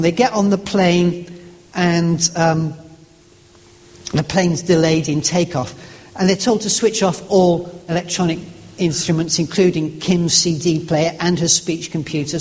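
Preacher guy, high voice, chatty stories, stumbles a bit, big echoey church. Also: darkish tone. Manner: storytelling, conversational, with stumbles and asides. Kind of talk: sermon. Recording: long reverb of a large hall.

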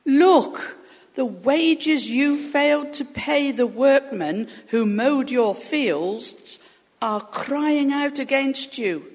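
A woman reading a Bible passage aloud in a church, careful and steady. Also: mid-range voice. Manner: slow, careful reading, with a self-correction. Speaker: scripture reader. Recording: long reverb of a large church hall.

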